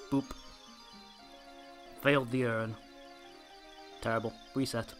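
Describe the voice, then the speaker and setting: A man's voice: fairly low pitch, fairly even intonation, takes it slowly, pauses often, soft background music. A man hosting a let's play, giving comedic game commentary with dry, sarcastic asides.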